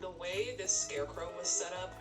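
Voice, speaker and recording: A woman's voice: fairly low pitch, moderate pace. A woman co-streaming a game, chatting in a playful, teasing way. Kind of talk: casual gaming stream chat. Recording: distant mic, loud game music.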